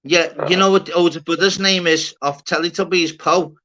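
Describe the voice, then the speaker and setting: A man hosting a loose video-call panel. His voice sits a little high and sounds bright and forceful. He swears freely and says things twice for emphasis. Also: fairly even intonation, normal speed, dull audio. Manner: swearing, enthusiastic, repeats himself. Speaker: host. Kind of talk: casual livestream chat.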